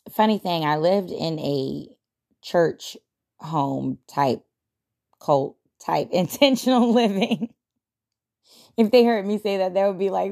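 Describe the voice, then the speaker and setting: A woman's voice: on the low side, vocal fry, a little mellow. A young adult woman hosting a podcast, talking casually and reflectively, chatty and self-deprecating with frequent laughs. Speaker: podcast host.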